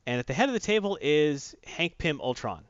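A man hosting a comic book podcast, recapping an issue in a rambling, animated way with casual asides. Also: a little high, a little fast, clear, resonant tone, no room sound. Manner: rambling, animated storyteller who acts out quotes. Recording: dull lo-fi dry recording.

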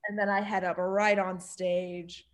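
A woman guesting on a podcast in casual chat, dry and deadpan, often pausing with ums. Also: fairly low pitch.

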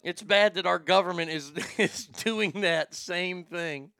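A man's voice: high-pitched, takes it slowly, creaky, pushed and bright, clear, resonant tone, dry recording, clean studio sound. A man hosting a casual talk show, blunt and rambling, swearing freely. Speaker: show host.

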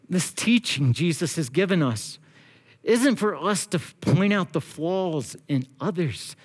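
A man preaching a sermon as pastor, earnest and exhorting, with slow emphatic phrasing. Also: high voice.

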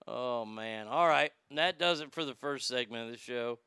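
A male commentary host with a bright, crisp, smooth voice recorded close and dry. He talks with open indignation and heavy sarcasm. When he gets worked up, he trips into halting restarts. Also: mid-range voice, dry recording. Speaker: podcast host. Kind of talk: political commentary show.

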